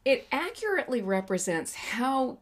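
This is a woman in a relaxed podcast chat about films. She is blunt, opinionated and swears freely, and she has a slight frog in her throat. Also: high voice, moderate pace. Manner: opinionated, ranting, profane. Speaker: podcast co-host. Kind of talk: casual movie review chat.

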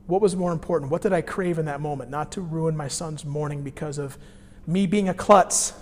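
A man with a notably high voice preaches a sermon as pastor, his words trailing into the long reverb of a big hall. He tells stories with animated swings, dropping soft and then bursting out loud. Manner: animated storytelling with sudden swings between quiet and loud.

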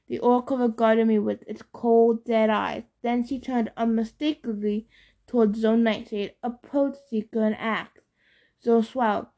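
A woman reads a novel aloud in a somewhat high voice, narrating in first person. She raises her voice and pitch for the shouted dialogue. The reading is steady storytelling. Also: normal speed. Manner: acts out dialogue with louder, higher shouts. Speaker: audiobook reader.

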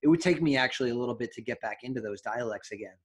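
A man with a faint New York accent, co-hosting a casual podcast chat, talking quickly with asides and easy laughs. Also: medium pitch, slightly rough. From New York, Long Island area. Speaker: podcast co-host.

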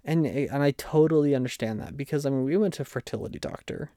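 A man's voice: medium pitch, fast talker, warm tone, no echo, studio quality. A young adult man in casual chat, talking freely and acting out his own past thoughts.

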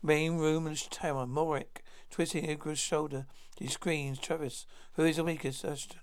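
A man's voice: a little high, level tone, moderate pace, clear, resonant tone. A man reading a science-fiction script aloud, naming each speaker before their line. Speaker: narrator reading all parts. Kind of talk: plain read-through of a script.

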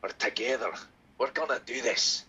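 A man voicing a rousing Scottish highland warrior with a Scottish accent, slow and dramatic. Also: bright, forceful tone, breathy edge, highs cut off.

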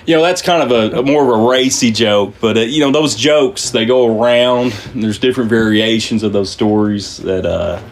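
A man's voice: mid-range voice, moderate pace, few pauses. A man hosting a podcast, chatting casually and rambling with many fillers and restarts. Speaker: podcast host. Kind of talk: casual joke-telling chat.

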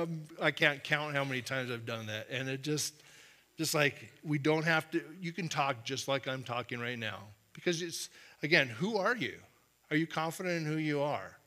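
Guy preaching, kinda high bright voice, chatty, gets quiet n firm for emphasis. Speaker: pastor. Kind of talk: sermon.

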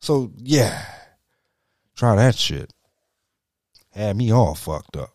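A man's voice: fairly low pitch, sing-song, slow pace, darkish tone, no room sound, studio quality. A middle-aged man in casual, profane chat, telling stories animatedly and slipping into quoted voices.

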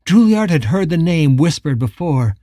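A man reading a western novel chapter aloud as an audiobook narrator, measured and dramatic. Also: fairly high pitch, big pitch swings, mellow, no room sound, studio quality. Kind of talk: scripted narration.

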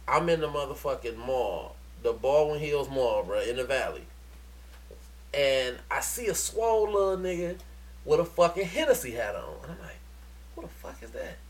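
A man telling stories in casual, profane podcast chat, animated and laughing often. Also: mid-range voice, moderate pace. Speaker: podcast co-host.

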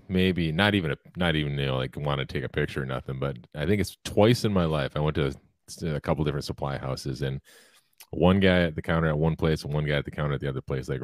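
A man co-hosting a podcast, chatting casually and cracking quick jokes. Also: rumbling low, dry recording. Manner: quick, joking banter. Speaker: podcast co-host, HVAC technician. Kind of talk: casual chat.

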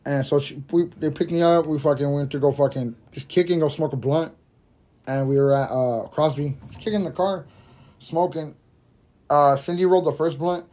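Stoned male podcaster, loose rambling delivery, curses constantly, mellow tone. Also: fairly high pitch, steady tone, normal speed. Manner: rambling, heavy swearing, laughs at own jokes. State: high while smoking. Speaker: podcast host. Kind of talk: casual storytelling monologue.

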